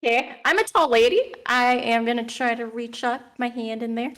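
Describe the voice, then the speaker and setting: Woman player at a tabletop game, higher voice, chatty. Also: normal speed, fairly bright tone. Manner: chatty, mixes in-character lines with laughs.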